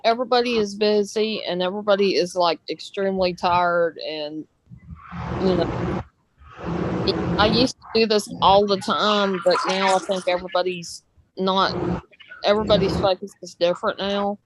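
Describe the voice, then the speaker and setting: A woman's voice: mid-range voice, steady tone, normal speed, noisy background. A woman from North Carolina with a Southern mountain accent, hosting a casual livestream chat in an easygoing, chatty way. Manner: easygoing, chatty, lots of fillers. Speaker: livestream host.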